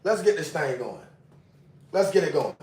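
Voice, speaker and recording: Pitch swinging widely, this man's slightly high, darkish voice comes through at a moderate pace from a distance. On a casual livestream, he's agitated and profane, repeating himself, with a roomy, away-from-the-mic sound.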